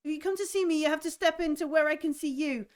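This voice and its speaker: A woman's voice: high voice, fast talker, voice pushed up, close to an everyday voice. A woman voicing a doting, bossy elderly auntie in a tabletop game. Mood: fussing.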